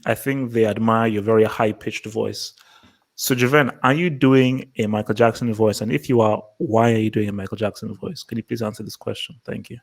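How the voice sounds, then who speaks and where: A man hosting a casual football podcast, reading viewer comments and questioning a co-host in a playful mock-serious way. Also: medium pitch.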